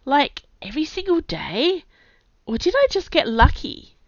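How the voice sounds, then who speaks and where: A woman's voice: fairly high pitch, animated, normal speed, pushed and bright, dry recording, voice pushed up. Brief: a woman playing an earnest, defensive young man, lost and prickly, muffled dry sound. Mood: bewildered. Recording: dull dry recording.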